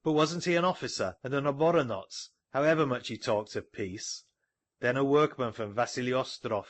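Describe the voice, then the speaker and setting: Male audiobook narrator: measured delivery, average pitch, dry close recording. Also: dry recording. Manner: measured storytelling. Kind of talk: scripted narration.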